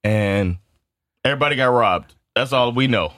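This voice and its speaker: A man's voice: medium pitch, normal speed, fairly bright tone, dry recording, studio quality. A man co-hosting a podcast in casual chat, a laid-back storyteller who laughs often and uses lots of filler words. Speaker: podcast co-host.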